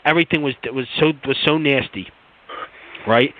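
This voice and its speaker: A man's voice: medium pitch, normal speed. A man hosting a podcast, telling a heated story in a casual, profane rant, often repeating his words. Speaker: podcast host. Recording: tinny phone-like sound.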